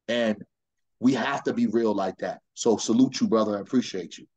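A man's voice: lowish voice, moderate pace, a little mellow, husky, highs cut off. Man, panelist, emphatic, casual slang, video call.

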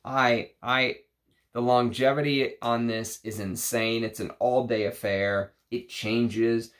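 A man's voice: mid-range voice, fairly even intonation, slow pace. A man casually reviewing perfumes from his collection, gushing enthusiastically with restarts and fillers.

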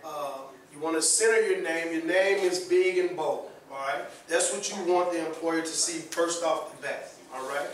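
A man leading a career skills workshop for students, lively and checking in with the room after nearly every point. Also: a little high, normal speed, few pauses. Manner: lively, asks the audience often, repeats "all right?" and "okay?". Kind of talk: classroom workshop talk. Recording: very echoey room, voice from far off the mic.

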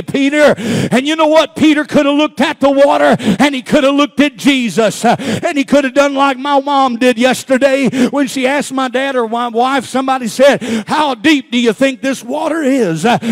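A man preaching a sermon as pastor, often shouting, with a steady "uh" between phrases. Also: very high voice. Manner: shouting, preachy cadence with frequent "uh" fillers.

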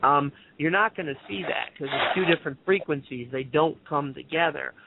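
A man's voice: on the high side, normal speed, creaky, slightly rough. A man hosting a spiritual call-in radio show, chatting in a loose, rambling way full of asides. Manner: rambling, loose, many fillers and musing asides. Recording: tinny phone line.

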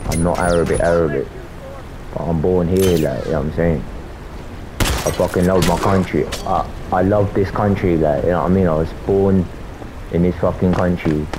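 A man's voice: sits low, steady tone, normal speed, noisy background. Angry young London man trash-talking. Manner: aggressive, swearing, repeats "you know what I'm saying". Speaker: gamer on voice chat. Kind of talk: heated trash talk over game chat.

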